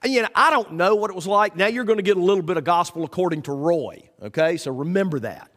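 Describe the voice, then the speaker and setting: A pastor preaching with folksy, storytelling flair. His voice is high and swings widely in pitch. The sound carries the long reverb of a church hall. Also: lively intonation, fast talker, fairly bright tone. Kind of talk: sermon.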